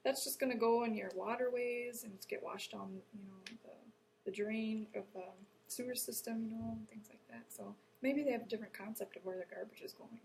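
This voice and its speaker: A woman's voice: on the high side, fairly even intonation, a little fast, vocal fry, darkish tone, slight background noise, rough recording. A woman from Wisconsin, a horticulture educator explaining plainly as an interview guest.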